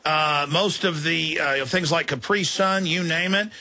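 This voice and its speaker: A man's voice: fairly high pitch, unhurried, creaky, bright, forceful tone, dry recording. A man hosting a talk radio show, speaking emphatically and conversationally while taking calls. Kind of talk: casual talk radio chat.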